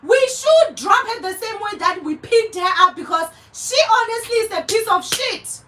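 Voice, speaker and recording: A woman's voice: very high-pitched, lively intonation, normal speed, fairly bright tone, distant mic, slight background noise, low-quality recording. A young South African woman vlogger delivering an angry commentary rant, heated and profane, repeating herself for emphasis.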